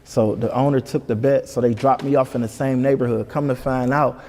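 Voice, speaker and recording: A man's voice: mid-range voice, fairly even intonation, fairly quick, a little mellow, big-room sound. A man from Detroit, a guest telling a story in casual chat, who acts out the other people's lines as he goes.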